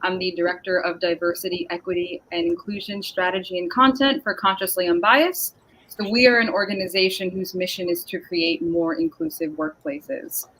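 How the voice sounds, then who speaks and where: A woman hosting a panel discussion over a video call, speaking in an upbeat, emphatic and deliberate way. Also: fairly low pitch, fairly bright tone, a little hiss or hum, poor audio. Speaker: panel host and moderator. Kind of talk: scripted-sounding webinar introduction.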